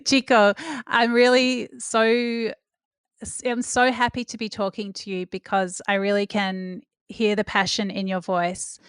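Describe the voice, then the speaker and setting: A woman's voice: medium pitch, level tone, measured pace, clean tone, dry recording, studio quality. A woman hosting a food podcast, speaking in an enthusiastic, effusive way. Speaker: podcast host. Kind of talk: interview and scripted outro.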